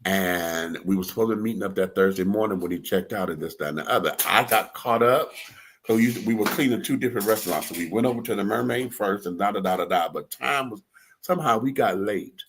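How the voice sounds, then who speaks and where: A man in his forties on a radio talk show, telling a personal story in a lively, profane, animated way. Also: lowish voice, fast talker, slightly rough. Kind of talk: casual storytelling chat.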